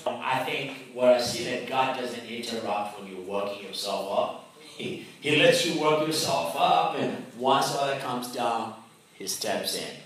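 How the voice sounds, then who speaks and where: A man's voice: mid-range voice, unhurried, fairly bright tone. A male pastor preaching a sermon, telling a personal story in a conversational way. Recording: very echoey hall, mic far off, faint noise.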